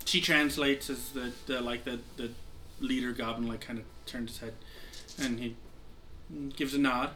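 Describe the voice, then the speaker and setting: A man's voice: mid-range voice, little pitch movement, moderate pace, pushed and bright, a little hiss or hum. A man with a sore throat narrating a tabletop game as game master, rambling with many fillers and restarts.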